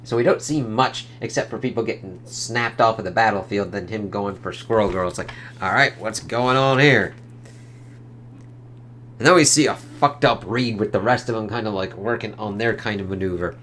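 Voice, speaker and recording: A young man reviewing a comic in a casual, rambling way, excitable and swearing freely. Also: fairly low pitch, normal speed. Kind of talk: casual review reading panels aloud.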